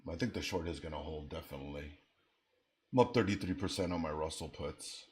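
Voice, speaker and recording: A man's voice: extremely low pitch, brisk, slight background noise. A man hosting a live trading stream. He talks casually, thinking aloud about his trades while answering viewers in chat. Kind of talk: live-stream market commentary.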